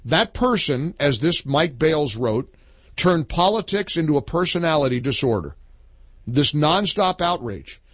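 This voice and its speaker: A man's voice: on the high side, very animated, measured pace, a bit bright, no room sound. A man hosting a talk radio show, emphatic and opinionated, taking calls. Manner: emphatic, reads a listener's post aloud with punch.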